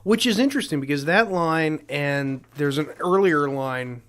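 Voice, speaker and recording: A man co-hosting a podcast who talks through his ideas about a film in a halting way, with frequent restarts. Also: on the high side, animated, a bit bright, clean tone. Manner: halting, restarts often while building an argument. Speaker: podcast co-host. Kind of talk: casual film-discussion chat.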